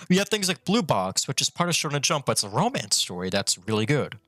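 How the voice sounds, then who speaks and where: A man's voice: mid-range voice, very animated, moderate pace, fairly bright tone, no room sound, soft background music. A male streamer ranting bluntly and profanely in a rambling casual way, talking with a retainer in his mouth. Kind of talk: casual opinion rant.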